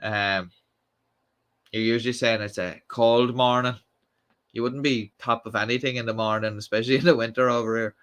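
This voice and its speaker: A man's voice: mid-range voice, fairly even intonation, moderate pace, a bit bright. Rambling Irish man reading comments. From Ireland. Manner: rambling, many fillers and restarts. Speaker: live stream host. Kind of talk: casual chat reading comments.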